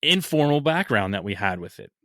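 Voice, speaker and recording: A man hosting a relaxed interview, enthusiastic and loose with his swearing. His voice sits fairly low, and the sound is close and dry, with no room around it. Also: brisk, no room sound. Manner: casual, enthusiastic, swears freely. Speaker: podcast host. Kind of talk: casual podcast interview.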